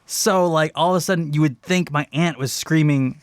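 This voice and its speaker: A man's voice: fairly high pitch, moderate pace, smooth, no room sound, studio quality. A man co-hosting a live podcast, chatting casually, telling stories and reading news, laughing often. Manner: laughs often, animated storytelling. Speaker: podcast co-host.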